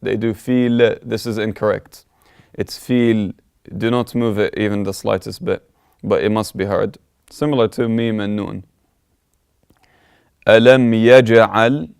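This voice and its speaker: Calm man teaching careful recitation. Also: lowish voice, a little slow, gravelly, smooth, dry recording, clean studio sound. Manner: calm, patient, repeats words to contrast right and wrong sounds. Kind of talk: tajweed lesson, explaining and demonstrating recitation.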